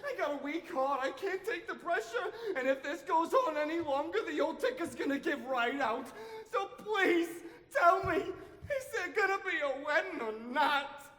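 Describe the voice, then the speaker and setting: An actress playing a frantic, exasperated character in a live stage musical, brassy and loud. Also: female voice, very high-pitched, expressive, moderate pace. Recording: echoey theater hall from afar.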